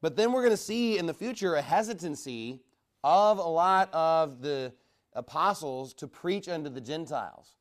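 A man's voice: animated, normal speed. A man preaching a verse-by-verse Bible sermon, emphatic, asking his listeners questions and rising in force to stress his points. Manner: emphatic, asks the congregation questions; rises in pitch and volume when stressing points.

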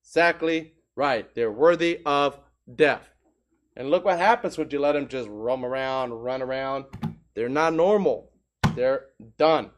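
A man's voice: medium pitch, a little slow. A man preaching a sermon with emphasis, putting rhetorical questions to the congregation.

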